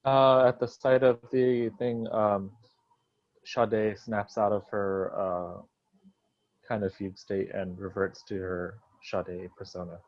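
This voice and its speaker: Low-voiced male player, dull lo-fi sound. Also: level tone, slow pace. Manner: hesitant, with uhs and ums. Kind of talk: tabletop game play.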